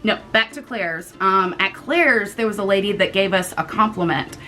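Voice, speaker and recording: A young woman from the United States, casually telling a storytime vlog in an animated, chatty way and swearing freely. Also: mid-range voice, normal speed, soft background music. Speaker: vlogger.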